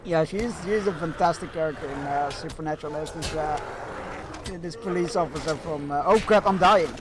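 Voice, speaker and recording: A man streams a video game and chats casually to his viewers. He rambles and uses lots of fillers, in a fairly high voice. A faint noise sits behind him. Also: fairly quick. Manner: rambling and chatty, with many fillers. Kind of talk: casual chat while gaming.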